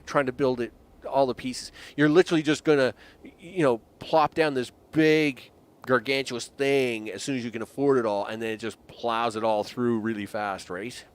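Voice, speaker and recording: A man's voice: mid-range voice, steady tone, normal speed. A young man giving live gameplay commentary, rambling, jokey and talking to himself with chuckling asides. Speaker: game streamer.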